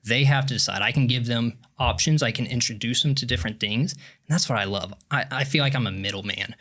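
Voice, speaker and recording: A man from Kansas, a mindset coach guest, explaining his methods in an earnest, measured way during a casual podcast interview. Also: medium pitch, a bit bright.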